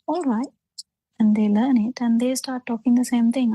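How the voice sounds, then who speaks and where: A woman giving a Buddhist teaching over a video call, halting, with many pauses and fillers, often falling into soft breathy half-whispers. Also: fairly high pitch, steady tone, no echo, poor audio. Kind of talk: slow spoken dharma talk on a video call.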